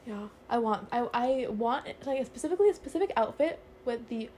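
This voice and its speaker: A woman's voice: fairly high pitch, animated, fairly quick, mellow, slight background noise. A teenage girl in casual chat with a friend, talking in an upbeat, chatty way full of fillers. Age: teens. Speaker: co-host.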